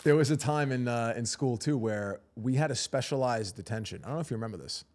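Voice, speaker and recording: A man in his forties co-hosting a comedy podcast, telling childhood stories in a casual, animated way, often laughing and swearing. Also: medium pitch, quick pace. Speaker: podcast co-host. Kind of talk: casual storytelling chat.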